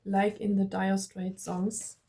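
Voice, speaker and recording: A German-accented woman hosts a card-reading vlog and speaks to her viewers in an unhurried, drawn-out way. Her voice has a gravelly fry, and she gushes warmly, repeating her words and laughing often. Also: mid-range voice, background noise. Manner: gushing, affectionate, repeats herself excitedly; laughs often while talking. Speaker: tarot and oracle card reader.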